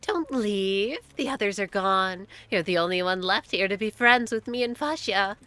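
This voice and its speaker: A woman's voice: mid-range voice, moderate pace, pushed and bright, dry recording, soft background music. A young woman streaming a game, chatting casually, joking and swearing as she reads the dialogue aloud. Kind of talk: casual live-stream commentary.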